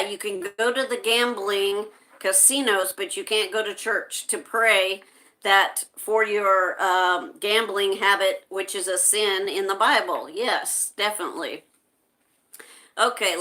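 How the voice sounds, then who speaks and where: A woman hosting a casual livestream, reading viewer comments aloud and answering them gently, with frequent hesitations. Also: mid-range voice, steady tone, a little slow. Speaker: livestream host.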